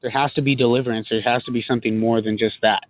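A man's voice: medium pitch, steady tone, rapid-fire, dry recording. A man in a Bible study group. He talks in an earnest, reflective way that builds to firm statements. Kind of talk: casual reflective talk. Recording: tinny phone line with faint noise.

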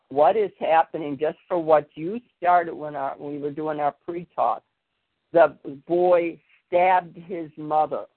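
A man's voice: a little high, no echo. A man hosting a podcast in a casual chat, telling a long story full of fillers and detours. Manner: meandering, with frequent fillers. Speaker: podcast host. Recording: tinny phone-line sound.

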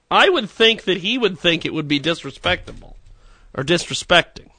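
A man's voice: sits high, fairly quick, creaky, dry recording. A man hosting a radio show, rambling and joking and laughing at himself. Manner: animated, jokey, laughs at himself. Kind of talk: rambling comedic radio talk.

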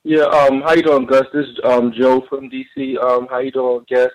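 A man's voice: mid-range voice, little pitch movement, normal speed, rough recording. A man calling in to a radio show, asking long, pointed questions with many ums. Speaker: caller.

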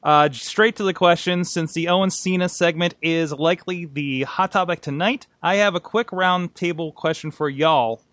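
A man's voice: a little high, normal speed, few pauses, fairly bright tone, no room sound. A man hosting a casual wrestling podcast, rambling and upbeat as he reads listener emails aloud. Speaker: podcast host.

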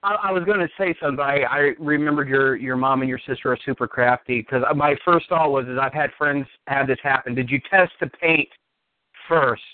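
A man's voice: medium pitch, a little fast, no echo. A man in his late thirties, an enthusiastic and joking guest on a casual podcast. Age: 30s. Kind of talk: casual chat. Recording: dry, phone-like audio.

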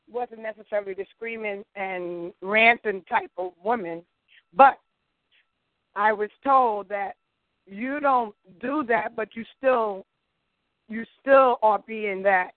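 A woman calls in and halts over her words, restarting as she goes. She talks slowly in a high voice. The line is dry and tinny, like a phone call. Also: dry recording. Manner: hesitant, halting with restarts. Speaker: caller. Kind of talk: call-in question.

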